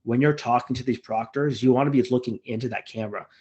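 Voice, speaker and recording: A man, a physician, giving casual spoken advice from a list, talking in a relaxed, conversational way with frequent ums and uhs. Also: medium pitch, fast, husky, highs cut off.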